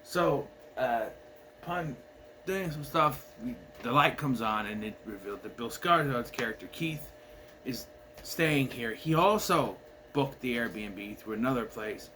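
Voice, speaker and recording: A man's voice: mid-range voice, lively intonation, unhurried, sharp tone, slight background noise. Rambling man recapping a movie. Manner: rambling, many fillers and restarts. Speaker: movie reviewer. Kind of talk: casual spoken movie recap. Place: home with his dog asleep nearby.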